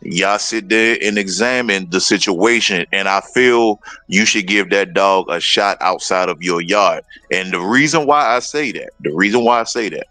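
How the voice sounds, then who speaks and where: A man talking in a casual livestream conversation as a guest breeder, animated and telling stories, acting out what other people say. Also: sits low, normal speed, hardly any pauses, dry recording, poor audio.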